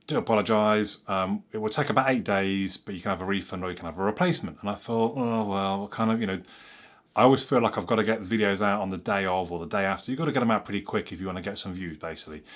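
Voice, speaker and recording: A man's voice: lowish voice, fast talker. A man, a tech reviewer casually telling a story to camera in a chatty, rambling way that often corrects itself.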